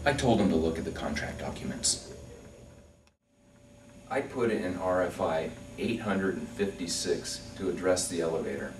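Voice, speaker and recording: A man delivers a scripted comic monologue with indignant, defensive bite, his pitch moving a lot. The sound is roomy and set back from the mic, with faint ambience behind him. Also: expressive, moderate pace, recorded from a distance, a little hiss or hum.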